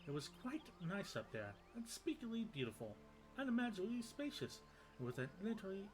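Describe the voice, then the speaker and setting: A man doing a squeaky fussy moogle. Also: wildly swooping pitch, brisk, faint music behind. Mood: storytelling. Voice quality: high squeaky pleading voice. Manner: ends lines with a cute verbal tic. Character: small fussy male moogle creature, earnest and flustered. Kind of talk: reading game cutscene dialogue aloud in voices.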